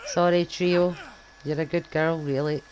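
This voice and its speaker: A woman's voice: deep voice, fairly even intonation, measured pace, a little mellow, slight background noise, poor audio. An older woman from Scotland with a Scottish accent, giving chatty, wry commentary while she plays a game. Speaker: gaming YouTuber. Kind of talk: casual gameplay commentary.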